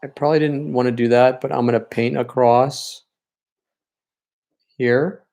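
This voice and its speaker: A man's voice: mid-range voice, steady tone, a little slow, gravelly, darkish tone. Guy teaching a painting class on a live stream, chatty, encouraging, talks you through each step. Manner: openly sentimental about his students. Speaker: art teacher leading a paint night.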